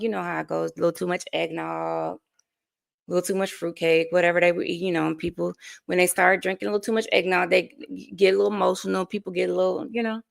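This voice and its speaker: Woman in her 40s, coach on an interview, super gravelly fry voice, tells stories earnestly. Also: fairly low pitch, fairly bright tone. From United States. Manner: earnest, storytelling, laughs between thoughts. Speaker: life coach, guest. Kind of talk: casual interview conversation.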